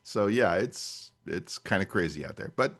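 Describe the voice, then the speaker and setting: A man's voice: deep voice, animated, moderate pace, vocal fry, fairly bright tone. A male podcast co-host in casual chat, chatty, laughing often and trailing off mid-sentence.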